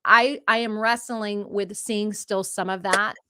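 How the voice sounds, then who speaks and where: A woman's voice: mid-range voice, fairly even intonation, a little slow, pushed and bright, smooth, no room sound, clean studio sound. A woman hosting a show, talking in a heartfelt, searching way in a casual interview. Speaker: show host.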